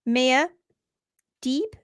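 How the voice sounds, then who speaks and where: Woman, stream host, high and bright, dry close sound, chatty and excitable. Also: drawn-out words, clean tone, no room sound. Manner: chatty, excitable, greets viewers by name. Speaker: livestream host. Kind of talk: casual live-stream chat.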